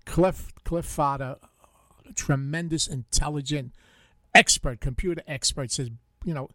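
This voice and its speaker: A man's voice: a little high, steady tone, unhurried, pushed and bright, no echo, studio quality. An older man with a Bronx accent, hosting a radio show in casual, joking chat and telling stories with easy laughter. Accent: Bronx New York. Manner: chatty, joking storyteller who laughs easily. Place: radio studio.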